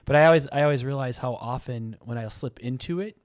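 A man in a casual podcast chat, telling a quick, chatty story. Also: medium pitch.

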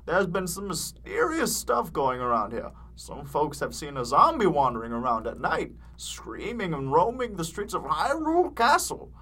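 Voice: medium pitch, wildly swooping pitch, moderate pace, hardly any pauses, a bit bright, breathy edge, exaggerated voice. A reader voicing a polite, stern castle guard who gives grave warnings. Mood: formal.

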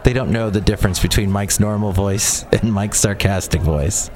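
A man's voice: on the low side, moderate pace, darkish tone. Guy rambling on his podcast, sarcastic, noisy background. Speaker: podcast host. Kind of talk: casual solo podcast.

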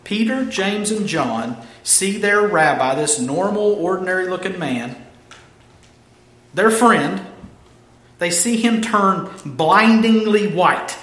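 A man's voice: high voice, animated, slow, fairly bright tone. A man preaching a casual, humorous sermon, telling the story animatedly and acting out the characters. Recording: roomy echo.

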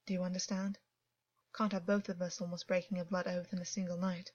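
A woman voicing a hushed, commanding fey man. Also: fairly low pitch, flat delivery, dry recording, natural voice. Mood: soothing. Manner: quiet, measured, often near a whisper. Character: troubled fey man, commanding yet tender. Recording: dull, dry, lo-fi.

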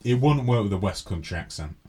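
A man's voice: on the low side, lively intonation, quick pace, warm tone, breathy edge. A man co-hosting a casual podcast, reading a news item aloud and then joking with his co-host. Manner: reads news aloud, then jokes and acts out skits. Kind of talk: casual chat.

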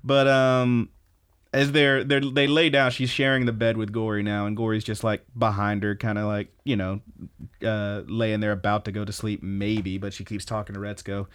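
A man co-hosting a podcast, recapping anime episodes in casual chat, animated and swearing freely. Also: lowish voice, moderate pace, clean tone. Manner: animated, profane, laughing storyteller. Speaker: podcast co-host.

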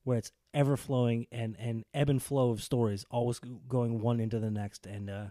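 Mellow-voiced man in excited podcast chat. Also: medium pitch, fairly quick, dry recording, clean studio sound. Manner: enthusiastic, rambling, animated when excited. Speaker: podcast co-host. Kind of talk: casual wrestling chat.

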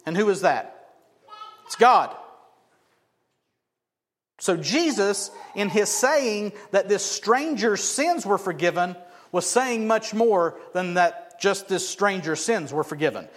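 A man preaching a sermon as pastor, animated and often asking the congregation questions. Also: high-pitched, takes it slowly. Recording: echoey hall.

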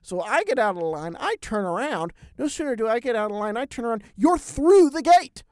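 A man hosting a podcast, telling a travel story in a lively, animated way with big swings in pitch and loudness. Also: quick pace, smooth, no echo, clean studio sound. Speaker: podcast host. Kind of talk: casual storytelling chat.

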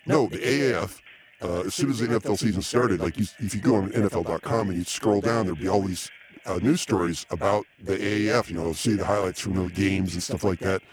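A man's voice: low voice, fairly quick, a little hiss or hum. A man hosting a casual live podcast, dry and meandering, easily exasperated. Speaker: podcast host.

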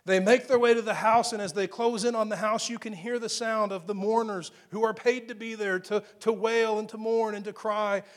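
A man preaching a sermon, retelling a scripture story with emphatic repetition and dropping to a hushed near-whisper for quoted lines. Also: sits high, fairly even intonation, moderate pace, few pauses.

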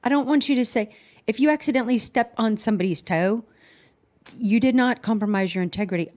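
A woman's voice: a little high, brisk, darkish tone. A woman co-hosting a casual podcast, talking in an emphatic, encouraging way. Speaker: podcast co-host. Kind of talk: casual chat.

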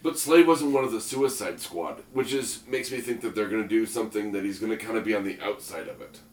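A man's voice: lowish voice, fairly quick. A man co-hosting a casual chat, joking and rambling with lots of "like". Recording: roomy echo, distant mic.

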